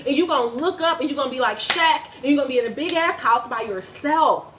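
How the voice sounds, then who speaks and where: A woman's voice: high voice, brisk, few pauses, a little hiss or hum. A woman giving a casual spiritual reading in a vlog, ranting bluntly and profanely like a preacher. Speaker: spiritual reader. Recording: echoey room with faint ambience.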